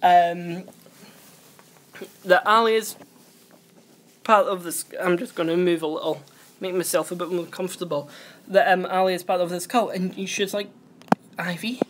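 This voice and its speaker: A man's voice: high voice, steady tone, moderate pace, pauses often, a bit bright. A young man, casually recapping a TV episode, rambling and often correcting himself. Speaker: host.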